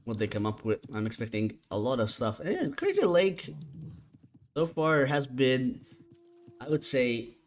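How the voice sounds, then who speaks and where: A tired man doing chatty solo commentary on a strategy game match, relaxed and casual. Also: medium pitch, measured pace, slight background noise. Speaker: esports caster.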